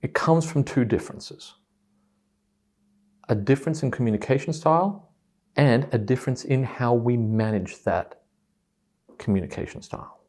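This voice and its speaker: A man's voice: medium pitch, moderate pace, pauses often. A man telling a story to an audience about communication styles, acting out both sides of a quoted argument. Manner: animated, acts out both sides of quoted dialogue.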